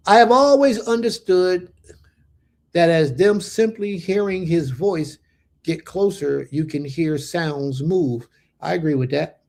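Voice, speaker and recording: A man's voice: a little high, gravelly, darkish tone, slightly rough. A man giving a casual livestream Bible lesson, speaking directly to his viewers in an informal, slangy way. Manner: conversational, talks to viewers directly. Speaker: Bible teacher.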